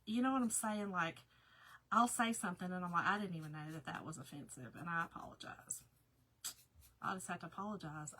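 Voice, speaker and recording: A woman's voice: mid-range voice, bright, forceful tone. A woman with a Southern American accent, chatting casually with viewers on a craft livestream while she works, laughing often and greeting people by name. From Southern United States.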